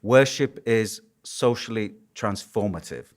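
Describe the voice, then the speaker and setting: A man's voice: fairly low pitch, a little slow. A man with a Yorkshire accent, a priest speaking at a conference, telling stories with self-deprecating humor. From Yorkshire, England. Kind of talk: conference lecture. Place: conference hall.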